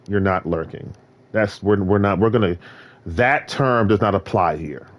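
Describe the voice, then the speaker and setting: A man streaming, talking in a rambling rant that swings between loud outbursts and low muttering.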